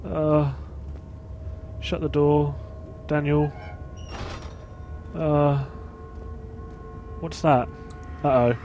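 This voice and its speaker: A man's voice: on the high side, steady tone, extremely slow, long pauses, mellow, dull audio, slight background noise. A man hosting a let's play, giving casual gameplay commentary and muttering asides to himself.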